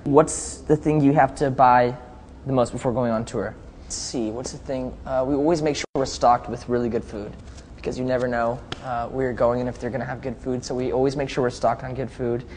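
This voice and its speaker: A man's voice: mid-range voice, steady tone, brisk, darkish tone. Young adult male, pop singer in a casual live chat, loose and chatty with frequent laughs. Long reverb, faint noise floor. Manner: easygoing, chatty, laughs often, reads out fan questions. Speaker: pop singer answering fan questions.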